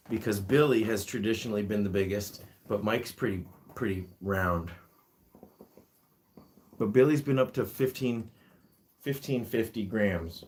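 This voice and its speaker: A man's voice: on the low side, darkish tone, slight background noise. A man hosting a casual live-stream chat, reading viewer comments and talking to his guinea pigs. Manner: chatty, reads comments aloud, talks to his pets.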